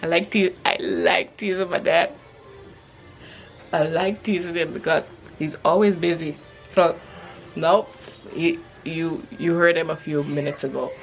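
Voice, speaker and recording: A woman's voice: lowish voice, fairly even intonation, creaky, faint music behind. A woman in her thirties chatting casually for her vlog outdoors in a yard, rambling playfully from one thought to the next. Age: 30s. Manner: rambling, quick-thinking, playful. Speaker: vlogger. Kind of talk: casual chat.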